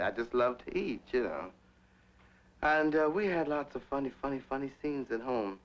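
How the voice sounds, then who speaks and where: A man's voice: medium pitch, moderate pace. A man being interviewed, telling candid childhood stories and laughing often. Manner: laughs often, animated, playful. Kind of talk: candid storytelling. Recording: dull lo-fi 1960s film sound.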